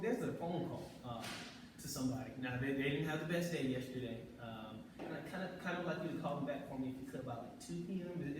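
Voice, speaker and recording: A man leading a leadership workshop, energetic and coaxing, asking the room questions, recorded from far off in an echoey room. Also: mid-range voice, quick pace, noisy background. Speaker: leadership trainer. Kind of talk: live workshop facilitation.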